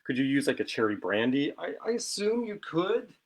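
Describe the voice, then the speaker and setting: Speaking briskly in a sing-song, mid-range voice over very noisy audio, a man runs a laid-back cocktail show at his home bar. He walks through every step of the mixing with chatty, self-deprecating humor.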